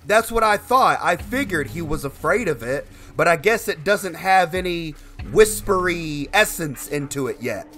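A man's voice: fairly high pitch, lively intonation, normal speed, few pauses, fairly bright tone. Young man chatting through a horror game. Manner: chatty, emotional, talks to his in-game dog. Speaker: gaming streamer. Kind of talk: casual gameplay commentary.

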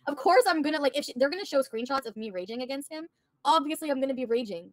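A woman's voice: high voice, animated, fast talker, no room sound. A woman livestreaming, bluntly and profanely venting to her chat. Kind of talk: casual livestream rant to chat.

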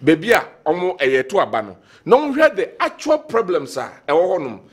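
A man's voice: fairly high pitch, big pitch swings, moderate pace, husky. A Ghanaian man, a guest on a radio talk show, giving earnest advice in a casual chat. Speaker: studio guest.

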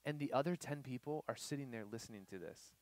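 A young man preaching a casual youth sermon, animated, with many fillers and acted-out quotes. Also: medium pitch, fast, no room sound. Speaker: youth pastor. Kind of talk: sermon to students.

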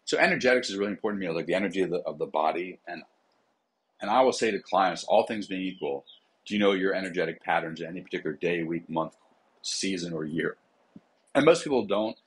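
A man's voice: low-pitched, quick pace, breathy edge, poor audio. A man, a psychotherapist and coach, talking casually in a podcast interview, with many fillers.

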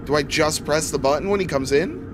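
A young man streaming a horror cooking game live, grumbling and swearing constantly, with sudden bursts of shouting. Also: a little high, a little fast, noisy background. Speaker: gaming streamer. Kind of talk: live gameplay commentary.

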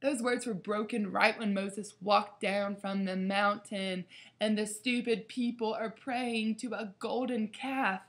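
A woman's voice: medium pitch, steady tone, takes it slowly, a bit bright. A woman giving an earnest devotional talk as a youth Bible study leader, acting out quotes with feeling. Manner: earnest, preaching, acts out quotes dramatically.

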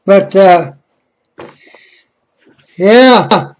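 A man talking casually into a webcam about a package, hesitant, with many pauses and restarts. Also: high-pitched, expressive. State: out of breath. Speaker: vlogger. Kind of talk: casual unboxing vlog.

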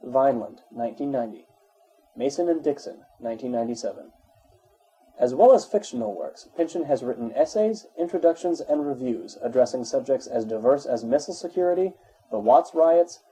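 A man reading an encyclopedia article aloud in a measured, even way. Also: medium pitch, husky, poor audio. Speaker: narrator.

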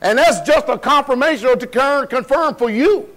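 A man's voice: very high-pitched, normal speed, poor audio. A male pastor preaching a sermon in a church, putting questions to his congregation and talking in a loose, colloquial way. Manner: colloquial, laughs at his own remarks, shifts between loud and quiet. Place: church sanctuary.

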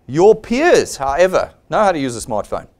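A man's voice: on the high side, big pitch swings, moderate pace, a little mellow. A man with a South African accent giving a blunt, persuasive motivational sales seminar, acting out the people he quotes. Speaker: seminar presenter.

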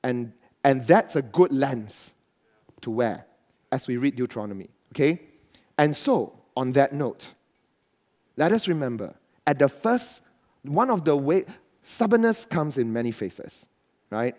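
A man's voice: medium pitch, big pitch swings, a little slow, pauses often, darkish tone. A man preaching a sermon to his church as pastor, riffing with asides and quoted voices.

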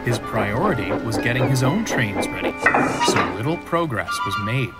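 A man narrating a storybook in an expressive, animated way. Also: medium pitch, moderate pace, loud music behind the voice.

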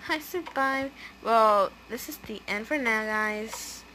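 Woman gaming host, let's-play commentary; unhurried but animated, higher register, excitable. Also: a little hiss or hum. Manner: excitable, chatty, gasps and squeals.

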